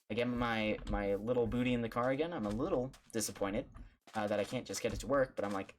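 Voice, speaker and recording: A man who streams, telling a jokey story in a casual, animated way, stumbling over restarts and acting out the voices in his story. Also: lowish voice, quick pace, slight background noise. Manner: animated, jokey, with stammered restarts and acted-out quotes.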